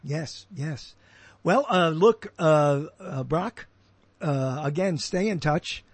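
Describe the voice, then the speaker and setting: Rambling older male radio host, husky. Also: a little high, slow, dry recording. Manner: rambling, joking, full of fillers and restarts. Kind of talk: casual radio show chat. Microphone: boom mic.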